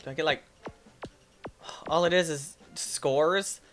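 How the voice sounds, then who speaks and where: A man hosting a gaming channel, giving playful, excitable let's-play commentary and talking back to the enemies on screen. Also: on the high side, slow pace, faint music behind.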